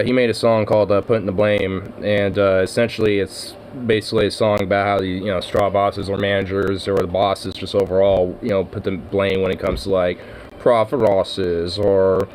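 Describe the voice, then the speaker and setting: Low-voiced man rambling casually, cursing. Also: little pitch movement, brisk, darkish tone, a little hiss or hum. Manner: rambling, profane, with laughs and many fillers. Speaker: vlogger. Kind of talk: casual rambling vlog chat.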